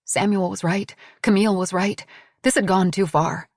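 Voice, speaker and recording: A woman narrating a suspense novel in a measured storytelling manner. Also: mid-range voice, fairly even intonation, dry recording, clean studio sound. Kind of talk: audiobook narration.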